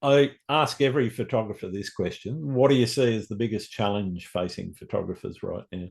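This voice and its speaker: Gravelly man asking interview questions off-mic. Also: lowish voice, fairly quick, a little mellow. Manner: brief encouraging interjections and questions. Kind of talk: casual interview.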